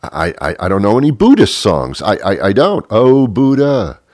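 Low-voiced guy hosting a comedy radio show, rambly, stammers a lot, bouncy up and down delivery. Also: wildly swooping pitch, fairly quick, a little mellow, dry recording, studio quality. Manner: rambling, stammering, self-mocking. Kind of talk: comedic talk radio monologue.

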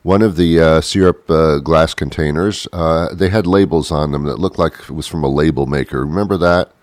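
A man with a very low, deep voice talks through a wry, rambling comic monologue, slipping into little acted-out exchanges between made-up characters. The sound is dry and close, with no room around it. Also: normal speed, no room sound. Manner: wry, rambling, acts out both sides of imagined dialogues. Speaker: radio show host.

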